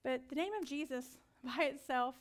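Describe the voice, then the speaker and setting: A woman with a high-sitting voice preaches a sermon at a moderate pace. She tells stories using acted-out voices, swinging between loud commands and whispered asides.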